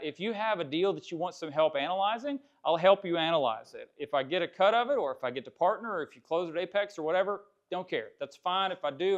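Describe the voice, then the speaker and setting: A man leads a live class, talking in a candid, off-the-cuff way and circling back to the same phrases. His voice sits a little high for a man. The recording sounds dull and lo-fi. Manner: candid, conversational, repeats phrases. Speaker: real estate class instructor. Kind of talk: live seminar talk. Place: classroom with cameras.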